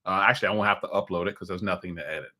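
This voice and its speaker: Animated, opinionated man on a live stream. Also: low-pitched, very fast. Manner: animated, opinionated, rambling with restarts and chuckles. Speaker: host of a live call-in stream. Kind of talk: casual political commentary on a live stream. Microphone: desk microphone.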